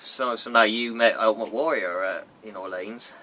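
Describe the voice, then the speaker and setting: A man speaks as a guest on a casual podcast chat, his voice bright and forceful, and a little on the low side. He laughs easily and answers briefly, with faint noise behind him. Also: normal speed, rough recording. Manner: laughs along, short replies.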